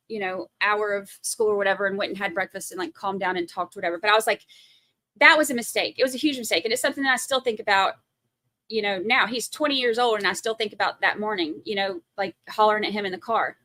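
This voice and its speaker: Chatty Southern woman, bright tone. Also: mid-range voice, fast talker, no room sound. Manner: chatty, rambling, heavy on fillers. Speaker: livestream host. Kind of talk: casual livestream commentary.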